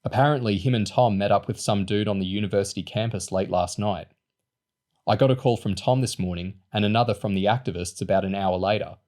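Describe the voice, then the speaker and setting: A man voicing a calm, matter-of-fact teenage boy on a mission. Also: fairly low pitch, fairly quick, lightly acted. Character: cool-headed teenage boy agent.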